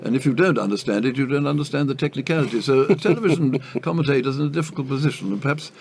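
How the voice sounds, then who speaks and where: Here the same sort of speaker, an older male cricket commentator, races through interview anecdotes with a ready chuckle and plenty of hesitant ums and uhs. His mid-range voice has vocal fry and a darkish tone, and there's slight background noise.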